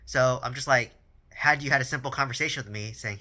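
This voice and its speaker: Casual male vlogger, thirties, bright tense tone, chatty storyteller who restarts words often. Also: mid-range voice, fairly quick. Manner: rambling storytelling, lots of "right?" and repeated words. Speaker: vlogger on real estate and personal finance. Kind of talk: casual talking-head monologue.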